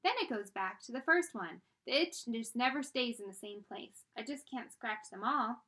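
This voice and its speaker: A woman doing a whiny little schoolgirl from a children's storybook. She complains and pleads in a high, bright voice that rises and falls a lot. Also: expressive, normal speed. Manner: whining.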